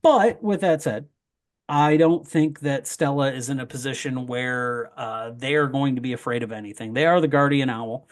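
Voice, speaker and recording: A young man in casual conversation, drifting into rambling asides and quick jokes. His pitch sits in an ordinary middle range, and his talk is loose and full of fillers. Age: young adult. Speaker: wrestling promoter guest. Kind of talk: casual podcast chat.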